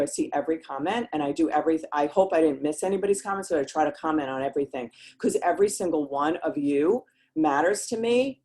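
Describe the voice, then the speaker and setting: A woman's voice: deep voice, a little mellow. A woman hosting a live-streamed motivational talk for a women's group, earnest and rambling, who reads viewer comments aloud and presses her points with rhetorical questions.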